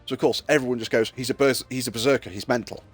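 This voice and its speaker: A man's voice: mid-range voice, fairly even intonation, rapid-fire, breathy edge, faint music behind. A man streaming and chatting casually, retelling a story with lots of fillers and acted-out quotes. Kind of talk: casual chat while streaming.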